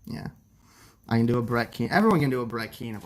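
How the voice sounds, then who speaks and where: A young male streamer chats loosely and profanely, breaking off to cough. His voice sits at an ordinary pitch with a strong gravelly fry. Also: animated, fairly quick. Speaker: livestream host. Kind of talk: casual late-night stream chat.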